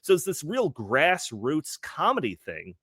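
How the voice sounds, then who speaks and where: A man's voice: on the high side, huge pitch swings, unhurried, a bit bright, slightly rough, no echo, studio quality. A man talking as a panelist on a podcast, explaining at length in casual chat with many fillers. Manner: rambling, filler-heavy explaining.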